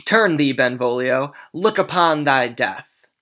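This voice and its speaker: A teacher reading a hotheaded young man's lines aloud, loud and defiant. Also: mid-range voice, expressive, slow pace. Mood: hostile. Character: hotheaded young man spoiling for a fight.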